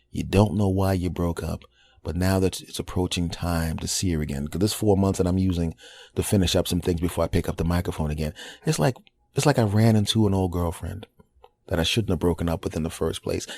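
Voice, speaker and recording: Low, mellow-voiced man musing aloud. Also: creaky. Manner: conversational storytelling with acted-out quotes. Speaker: podcast host. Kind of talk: casual monologue.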